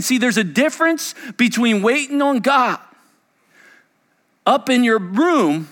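Male pastor, high bright voice, emphatic sermon in an echoey church hall. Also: expressive, takes it slowly, pauses often. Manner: emphatic, repetitive, swings between loud and hushed.

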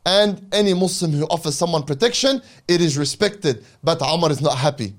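A man's voice: fairly high pitch, moderate pace. A male preacher narrating a religious story dramatically, breaking in with reverent asides.

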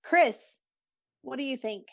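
A woman's voice: high-pitched, lively intonation, unhurried, gravelly, no room sound, dull audio. A woman hosting a casual podcast, teasing her co-hosts and moving the discussion along. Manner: playful, teasing, moves things along. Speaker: podcast host running the bracket.

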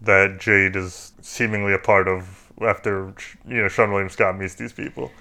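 A man's voice: deep voice, little pitch movement, normal speed, pushed and bright. A man co-hosting a casual movie review podcast, rambling and joking with many fillers. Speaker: podcast co-host.

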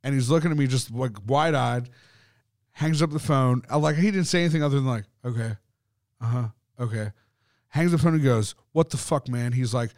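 A man co-hosting a podcast in casual conversation, swearing freely as he rambles through a story with plenty of fillers. His voice sits at an ordinary middle pitch. The sound is dry, with no room echo. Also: a little fast, darkish tone. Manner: profane, rambling, lots of fillers. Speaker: podcast co-host.

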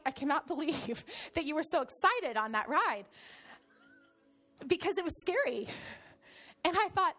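High-voiced woman pastor preaching. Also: normal speed, long pauses. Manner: animated storytelling, swings from soft to loud. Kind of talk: sermon.

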